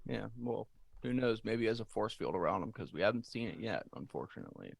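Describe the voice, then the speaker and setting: A man co-hosts a football podcast and talks fast in a low, gravelly voice. He teases the others in loose, joking banter. The recording is dry and close. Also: lively intonation, dry recording. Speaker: podcast co-host. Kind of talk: casual sports podcast chat.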